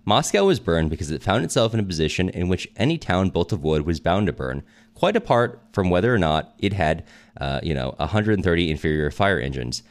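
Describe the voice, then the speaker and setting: A man's voice: low-pitched, lively intonation, a little fast. A man co-hosting a podcast, casually summarizing a novel with fillers and frequent laughter. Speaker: podcast co-host. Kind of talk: casual book discussion.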